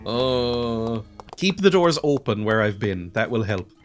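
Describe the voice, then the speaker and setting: A man's voice: mid-range voice, expressive, takes it slowly, faint music behind. A man hosting a let's play, giving casual, chatty commentary that mocks himself as he plays. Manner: chatty, self-mocking, laughs often.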